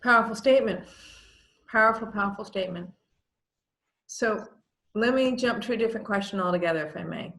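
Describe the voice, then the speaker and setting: A woman's voice: mid-range voice, brisk, pauses often, a bit bright. A woman hosting an interview, asking questions and affirming her guest's answers. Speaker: interview host. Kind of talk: conversational interview. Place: studio set for a TV interview. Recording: roomy echo.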